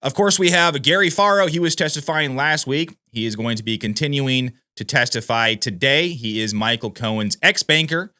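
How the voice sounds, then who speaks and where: A man's voice: medium pitch, normal speed, hardly any pauses, bright, forceful tone. A man hosting political news commentary in a casual, emphatic way, calling his viewers "guys".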